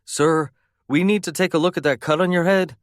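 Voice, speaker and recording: Man voicing a higher-pitched paramedic, easygoing, matter-of-fact, audiobook. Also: brisk, no room sound, studio quality, natural voice. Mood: wry calm. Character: calm, wry male paramedic.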